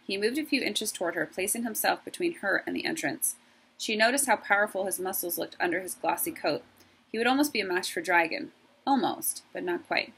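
A woman teacher reading a novel aloud to her class in a steady storytelling voice. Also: medium pitch, brisk, creaky, husky, rough recording.

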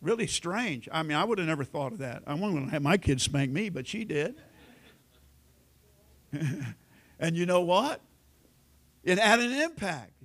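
A middle-aged American pastor preaching a sermon in a folksy storytelling way, acting out family conversations. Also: male voice, high-pitched, a bit bright. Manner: folksy storytelling, acts out quoted family lines.

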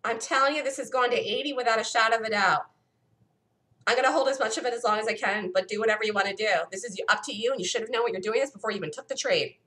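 A woman hosting a live day-trading room, calling out entries and stops in an urgent, rapid-fire way, her voice worn and close to giving out. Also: fairly high pitch, pushed and bright. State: losing her voice. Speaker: day-trading show host.

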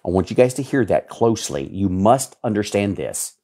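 Emphatic low-voiced preacher man in his fifties. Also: lively intonation, normal speed, few pauses, mellow. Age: 50s. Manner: emphatic, repetitive preaching with sudden pitch jumps. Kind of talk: sermon.

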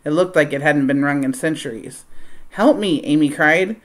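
A woman reading a children's adventure novel aloud in a steady storytelling voice. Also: fairly quick. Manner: steady storytelling, voicing dialogue with raised pitch and volume. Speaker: reader of a novel.

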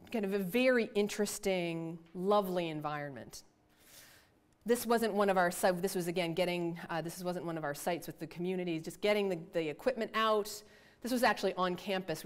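A middle-aged woman researcher giving a lecture, telling her field story in an animated, self-deprecating way with asides. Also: on the low side. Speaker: environmental researcher giving a talk. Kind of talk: lecture with a personal anecdote.

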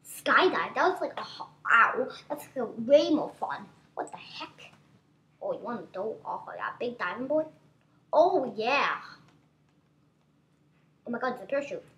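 Speaking at a normal speed in a slightly high voice, this woman hosts a gaming channel, chatting excitedly through her gameplay and reacting with constant exclamations to the action on screen.

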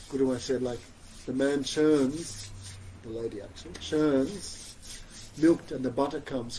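A man giving an informal religious class, conversational and gently humorous, often asking his listeners "you know?". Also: medium pitch, slight background noise, low-quality recording. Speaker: spiritual teacher giving a class.

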